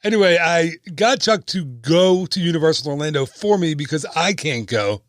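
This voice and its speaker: A man's voice: a little high, animated, moderate pace, no echo, studio quality. A man in his thirties hosting a casual travel podcast, upbeat and chatty with joking asides. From United States. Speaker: podcast host and travel agent.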